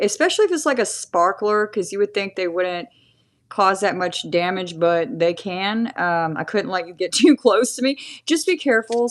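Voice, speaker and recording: A woman's voice: fairly low pitch, a little hiss or hum. A woman in her forties chatting casually through a live tarot reading, often laughing and thanking viewers. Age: 40s. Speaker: tarot reader.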